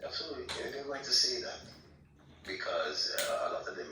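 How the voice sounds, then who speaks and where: A man in a casual online debate who talks haltingly, repeating words. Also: medium pitch, animated. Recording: echoey, distant, noisy online audio.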